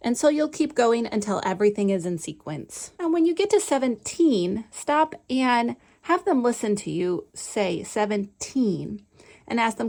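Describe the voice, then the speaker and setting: A Montessori teacher patiently walks through a lesson step by step as an instructional demonstration. Her voice is a little high and a touch mellow, with a sing-song quality and an unhurried, measured pace.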